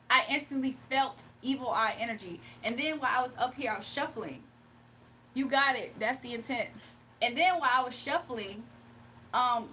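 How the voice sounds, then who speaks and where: High-voiced woman chatting on a livestream. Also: a little hiss or hum. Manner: animated, laughs often, talks back to chat. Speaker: livestream host and tarot reader. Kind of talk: casual livestream chat.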